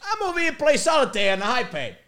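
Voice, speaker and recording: A man impersonating an excitable older immigrant father, squeaking way up in pitch and shouting in broken English. Baffled and exasperated, the voice jumps all over the place. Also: quick pace, exaggerated voice.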